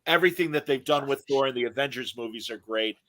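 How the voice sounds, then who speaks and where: Bright-voiced chatty man. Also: medium pitch, quick pace. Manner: chatty, reads out listener comments. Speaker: podcast host. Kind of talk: casual chat.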